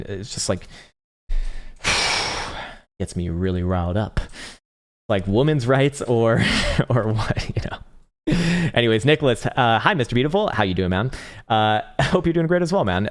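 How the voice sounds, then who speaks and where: A young man hosting a crypto trading livestream, reading chat and reacting in a rambling, profane way, laughing often and hunting for words. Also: fairly low pitch. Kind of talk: casual livestream chart talk and chat replies.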